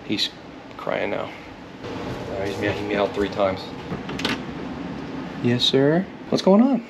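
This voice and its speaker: A man sweet-talks a kitten in a gentle, often hushed voice, his pitch jumping up high for the baby talk. Water runs and splashes in the background, and the home recording has a lot of noise in it. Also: big pitch swings, slow pace, creaky. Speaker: fishing vlogger. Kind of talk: casual vlog talk. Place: indoors at home, bathing a kitten in a tub.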